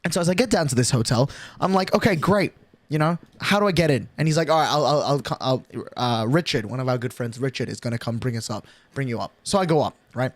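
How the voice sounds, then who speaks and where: A young man streamer telling a story in casual chat, animated and swearing a lot, from his bedroom at night. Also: medium pitch, quick pace, no room sound. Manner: animated, swearing, excitable rant.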